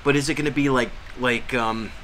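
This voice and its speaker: A man's voice: medium pitch, fairly even intonation, fairly quick, a bit bright, a little hiss or hum. A man co-hosting a podcast in casual, jokey, rambling chat. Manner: rambling, jokey, lots of fillers. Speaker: podcast co-host.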